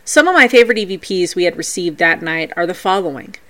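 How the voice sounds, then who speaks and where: Lady host telling ghost-hunt stories on her podcast, lively and a bit playful. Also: on the low side, fast. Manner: storytelling paranormal investigation accounts, animated and playful. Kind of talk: scripted podcast narration.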